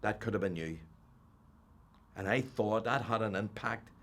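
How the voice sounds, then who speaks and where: An older man with a Northern Irish accent, telling his personal faith testimony as an animated storyteller who drops to a hush and then rises loud. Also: lowish voice, a little slow. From Northern Ireland. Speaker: testimony speaker.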